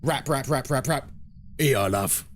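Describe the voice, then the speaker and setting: Man putting on a gruff chip-shop lady. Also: medium pitch, measured pace, slight background noise, voice pushed down, lightly acted. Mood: brusque. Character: burly gruff London chip-shop woman.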